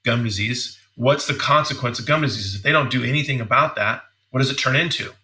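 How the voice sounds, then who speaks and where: Brisk and medium-pitched, this middle-aged trainer fires up dental teams during a seminar, role-playing example questions and repeating words with plenty of energy.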